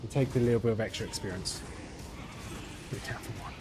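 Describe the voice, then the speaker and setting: Streaming a game, a young man narrates live in a fairly low voice that runs a little fast. His talk is chatty thinking-aloud, peppered with ums and restarts, with steady noise in the background.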